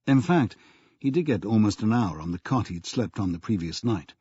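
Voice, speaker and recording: A man reading an audiobook in measured, even scripted narration. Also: lowish voice, husky, lo-fi sound.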